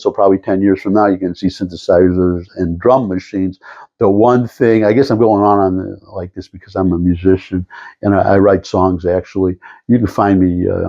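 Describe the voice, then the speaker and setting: A man's voice: sits low, dark tone. Older guy rambling at the camera, lots of asides and restarts, kinda dull muffled audio. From Detroit area. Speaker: vlogger. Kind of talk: rambling casual monologue.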